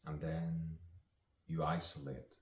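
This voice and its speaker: A man's voice: rumbling low, level tone, slow pace, darkish tone. A man improvising spoken-word poetry, musing and playful, with chuckles between lines. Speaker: actor and poet. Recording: roomy sound from a distance.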